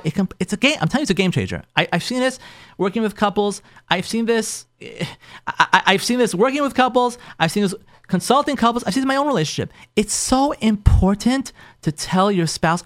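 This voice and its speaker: A man who hosts an advice show as a rabbi talks in a fairly high voice that swings widely in pitch. He makes each point emphatically, repeating himself and acting out what spouses say. The sound is dry, with no room echo. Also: very animated, a little fast. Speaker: rabbi and show host giving marriage advice. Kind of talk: advice talk to listeners.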